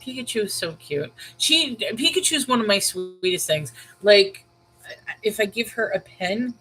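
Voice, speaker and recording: A woman's voice: medium pitch, animated, measured pace, pushed and bright, low-quality recording. Rambling, laughing woman chatting. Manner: rambling, self-interrupting, often laughing. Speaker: channel host. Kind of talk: casual chat.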